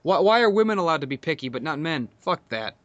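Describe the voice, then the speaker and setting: Man, higher voice, swears constantly, laughs through his stories, dry mic. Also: very animated, fast talker, dry recording, lo-fi sound. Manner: profane, storytelling, laughs a lot. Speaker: podcast guest. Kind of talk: casual crude podcast chat.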